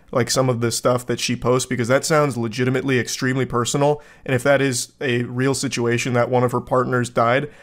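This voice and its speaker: A man giving sarcastic, exasperated commentary while reading out text messages, often breaking into laughter. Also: mid-range voice.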